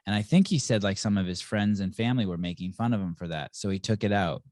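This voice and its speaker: A low-voiced man hosting a casual podcast. He rambles through his thoughts, blunt and quick to swear. His voice sounds dry and close. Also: a little mellow, no room sound. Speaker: podcast host.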